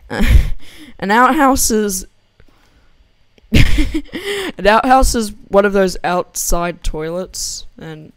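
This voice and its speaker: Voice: mid-range voice, animated, drawn-out words, pauses often, clean tone, dry recording, clean studio sound. A young gamer rambling and giggling through casual gameplay commentary and a joke story, on a headset or desk mic.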